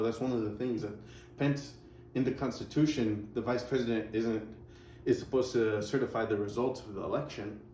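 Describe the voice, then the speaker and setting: Talking casually over clips, this reaction-video host rambles and tosses in sarcastic remarks. He has a fairly low-pitched, dark-toned voice. It's recorded from a distance in a roomy space, and faint noise is audible.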